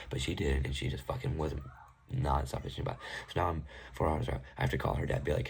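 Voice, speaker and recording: A man's voice: a bass voice, expressive, quick pace, vocal fry. A young man telling a casual, profane storytime about an ex, rambling and exasperated. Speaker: vlogger.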